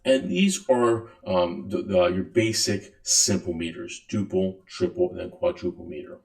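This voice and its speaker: A man giving a relaxed music lecture, counting and singing beats aloud between many fillers. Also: low voice, a little slow. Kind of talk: recorded lecture. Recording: echoey room.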